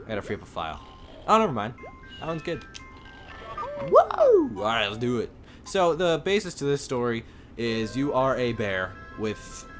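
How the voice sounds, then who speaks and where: A man hosting a let's play, commentating in an energetic, rambling, laughing way. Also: mid-range voice. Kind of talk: game commentary.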